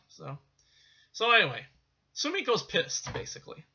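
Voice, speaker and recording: Man, casual film recap, rambling, very bright tense voice, dull lo-fi recording. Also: a little high, moderate pace. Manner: rambling, full of "you know" and restarts. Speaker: film reviewer. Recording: dull lo-fi sound.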